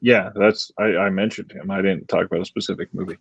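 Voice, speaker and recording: A man co-hosting a podcast in casual chat, answering with short, dry remarks and quick facts. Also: low voice, steady tone, creaky, breathy edge, no echo. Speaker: podcast co-host. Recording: dull, dry, lo-fi mic.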